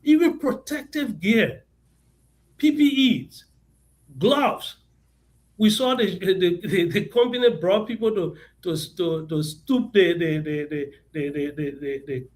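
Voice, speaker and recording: A man's voice: sits high, poor audio. A man with a Liberian accent speaking as a guest on a talk show, passionate and emphatic, often repeating words as he searches for them. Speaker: guest advocate. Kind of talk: impassioned talk-show interview.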